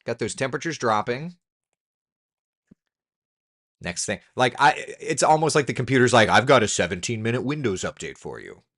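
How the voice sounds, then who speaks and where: A man's voice: mid-range voice, animated, normal speed, pauses often, a bit bright. A man hosting a casual weather live stream, chatty and joking with viewers as he reads through the forecast. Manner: chatty, talks to the computer in mock frustration.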